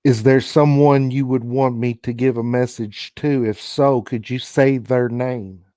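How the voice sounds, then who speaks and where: A man's voice: medium pitch, fairly even intonation, measured pace, dark tone, no room sound, clean studio sound. A man from Chicago hosting a paranormal livestream, chatting casually and laid-back with viewers and calling on spirits. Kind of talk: casual live chat.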